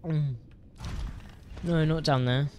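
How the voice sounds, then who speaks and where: A young man talks slowly over his gameplay, breaking into frightened exclamations and cries. His voice sits a little high. Faint game noise hums behind him. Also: steady tone, darkish tone. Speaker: gaming YouTuber. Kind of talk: game commentary.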